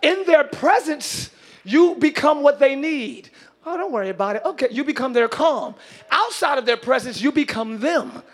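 An extremely high-pitched pastor preaches at normal speed with lively intonation. Acting out everyday scenes, he shouts his points to the congregation.

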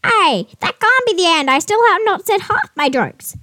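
A woman's voice: sing-song, normal speed, dry recording, studio quality, exaggerated voice. A woman voicing a cheeky, squawking pirate parrot who keeps butting in to tell jokes. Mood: pushy. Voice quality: squawking, loud and shrill.

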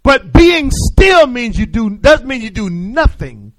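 High-pitched shouting preacher. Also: male voice, very animated, slow pace, no echo, rough recording. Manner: call-and-response preaching, swinging from shouts to hushed asides. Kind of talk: sermon.

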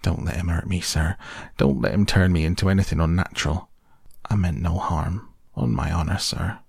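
A man's voice: low voice, moderate pace, gravelly, a little mellow, breathy edge, no echo, clean studio sound, heavily acted. A man voicing a nervous, humble young hobbit gardener with rustic, stammering speech, full of "sir", in an audiobook. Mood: frightened. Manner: anxious and pleading, full of "sir". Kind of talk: audiobook character voice.

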